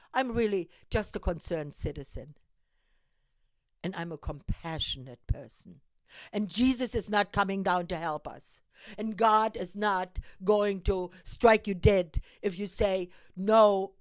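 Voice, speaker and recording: A woman's voice: mid-range voice, a little slow, no echo. A woman hosting her own show, giving an impassioned monologue that urges listeners to get engaged. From Europe. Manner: urgent, exhorting, emphatic repetitions. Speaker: host of a civic call-to-action show. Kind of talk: impassioned direct-to-camera monologue.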